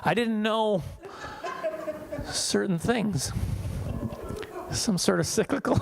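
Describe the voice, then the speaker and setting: A man's voice: high voice, takes it slowly, gravelly, noisy background. A man in his forties from Saskatchewan doing a chatty, self-mocking stand-up comedy set, laughing at his own jokes. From Saskatchewan, Canada. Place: church hall.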